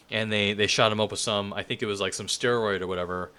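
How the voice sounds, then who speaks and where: A man's voice: lowish voice, steady tone, fast talker, few pauses, pushed and bright, clean tone. A man giving a casual spoken lecture, talking loosely with plenty of fillers and restarts.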